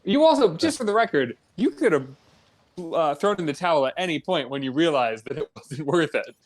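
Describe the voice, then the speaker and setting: A man on a casual podcast making dry, sarcastic remarks. His voice is on the higher side and his pitch moves a lot as he jokes. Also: big pitch swings, a little fast. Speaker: podcast co-host.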